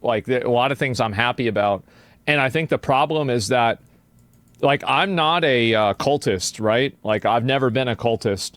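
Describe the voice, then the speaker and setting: A man's voice: mid-range voice, no echo. Rambling man in a dry stream clip. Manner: rambling, loose talk with self-corrections. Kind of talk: casual livestream talk.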